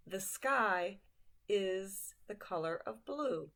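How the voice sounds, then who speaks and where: A woman's voice: mid-range voice, animated, slow pace, vocal fry, a bit bright. A woman teaching basic vocabulary word by word, patiently asking the listener to repeat each one after her. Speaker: language teacher. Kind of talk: slow vocabulary lesson with repetition.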